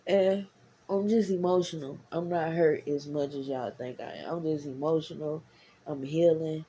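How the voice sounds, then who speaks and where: A woman talking casually to her followers, rambling and repeating herself. She swings from low murmurs to heated, profane bursts. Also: steady tone, normal speed, mellow, a little hiss or hum, low-quality recording. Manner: frank and profane. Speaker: vlogger.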